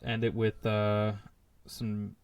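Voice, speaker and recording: A man's voice: on the low side, completely flat delivery, takes it slowly, clean tone, no room sound. Laid-back young man co-hosting a podcast. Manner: laid-back, laughs often, trails off with fillers. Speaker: podcast co-host. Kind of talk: casual chat.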